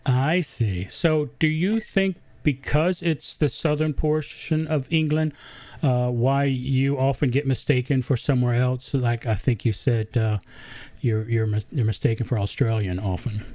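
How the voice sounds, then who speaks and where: A man's voice: mid-range voice, steady tone, measured pace, darkish tone, no room sound. A man hosting a live-stream interview, upbeat as he reads audience comments and questions. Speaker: host.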